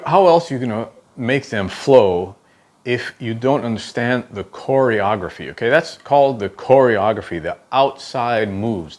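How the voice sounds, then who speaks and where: Male drum instructor with a mid-range voice. Patient, talks through each step, counts beats aloud and checks in with "okay?". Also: mid-range voice. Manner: explains step by step, ends phrases with "okay?"; counts aloud while demonstrating strokes. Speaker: drum teacher. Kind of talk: instructional demonstration.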